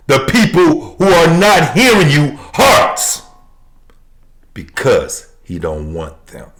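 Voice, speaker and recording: A male preacher delivering a sermon at a deliberate, unhurried pace. His pitch climbs and dips widely as he leans hard on repeated phrases, jumping from shouted lines to hushed, low ones. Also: huge pitch swings. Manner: emphatic, swinging from shouts to low, quiet lines; repeats key phrases for emphasis.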